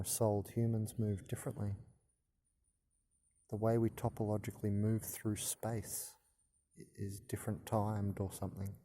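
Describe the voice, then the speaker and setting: Low, mellow-voiced man rambling on. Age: 30s. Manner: rambling and hesitant, with restarts and stammers. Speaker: channel host. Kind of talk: casual spoken monologue to camera.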